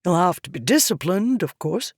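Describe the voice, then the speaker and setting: A woman's voice: lowish voice, sing-song, normal speed, no echo, clean studio sound. A woman voicing a grumbling, proud male noble scholar in an audiobook, clipping 'the' to 't''. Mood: grudging. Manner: clips 'the' to 't'', a rustic way of speaking. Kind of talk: audiobook character voice.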